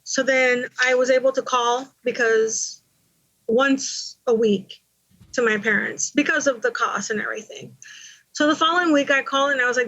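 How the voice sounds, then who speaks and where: A woman with a slightly high voice tells her own story candidly in an interview. She talks conversationally and often says "you know". The recording sounds dull and lo-fi. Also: normal speed, a bit bright. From Panama.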